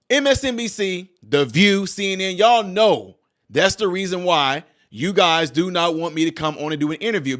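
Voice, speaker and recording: A man with a fairly high voice and a drawl, reacting to a news clip. He rants loudly, mocks, then drops into low mutters. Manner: loud, ranting, mocking, shifting from shouts to low mutters. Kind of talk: heated reaction commentary.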